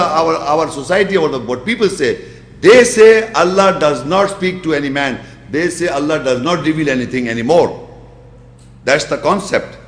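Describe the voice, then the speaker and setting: A man giving a religious lecture, asking his listeners pointed questions and quickly reciting Arabic verses before explaining them. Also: high voice. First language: Urdu. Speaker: Islamic lecturer. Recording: echoey hall.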